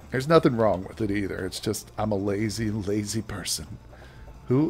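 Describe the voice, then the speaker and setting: A man's voice: lowish voice, darkish tone. A man giving casual, chatty gameplay commentary as a let's play host, joking with his viewers as he plays.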